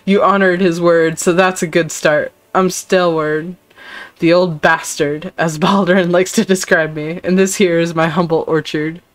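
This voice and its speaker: Woman reading as a gruff old ex-pirate. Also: fairly low pitch, fairly even intonation, normal speed, dry recording, natural voice. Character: weathered old male ex-pirate orchard keeper. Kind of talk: reading game dialogue aloud.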